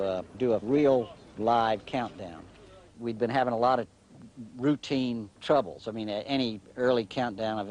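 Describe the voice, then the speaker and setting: A man, a former flight director, deliberately recounting events in a documentary interview. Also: on the low side, darkish tone.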